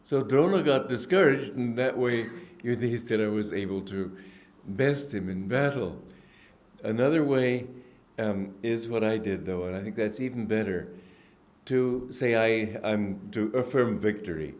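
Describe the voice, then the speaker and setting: A man giving a spiritual discourse, telling stories in an unhurried, reflective way with frequent restarts and throat-clearing. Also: lowish voice, a little mellow. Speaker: spiritual teacher. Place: indoor gathering hall.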